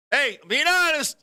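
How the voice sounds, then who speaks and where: A man hosts the show and tells funny stories full of swearing and teasing. His voice sits high and has a bright, pointed edge. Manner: profane, animated, joking. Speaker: podcast host. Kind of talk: comic storytelling on a talk show.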